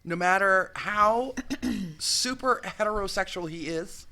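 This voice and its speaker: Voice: mid-range voice, slow pace, bright, forceful tone, slight background noise. A co-host in casual chat, reading listener comments and joking playfully. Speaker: radio show co-host.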